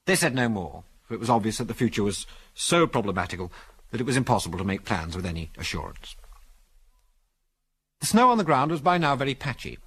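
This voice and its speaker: A man narrates an adventure story with expressive, animated pitch, at a medium pitch for a man. His reading rises and falls to carry the action. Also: breathy edge. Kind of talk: audiobook reading.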